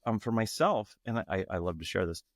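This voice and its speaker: A man's voice: fairly low pitch, expressive, fast talker, dry recording, studio quality. A man speaking as a guest in an interview, earnest and searching, often restarting his phrases. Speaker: guest, tantra facilitator. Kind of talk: reflective interview talk.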